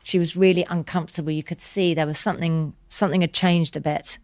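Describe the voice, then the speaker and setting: A woman's voice: lowish voice, fairly even intonation, fast talker, dry recording, clean studio sound. Tender woman telling her story. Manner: earnest, tender, drops to soft whispers at times. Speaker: podcast guest. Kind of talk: emotional personal storytelling.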